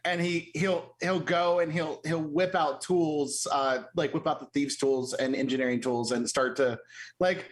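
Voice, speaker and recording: A man playing a tabletop game, describing his character's actions in a halting way with frequent restarts. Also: fairly high pitch, fairly even intonation. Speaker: player.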